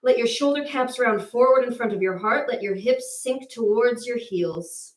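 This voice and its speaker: A woman's voice: on the high side, moderate pace, roomy sound, distant mic, poor audio. A woman leading a guided yoga class and telling a myth along the way, with playful, jokey asides. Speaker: yoga teacher.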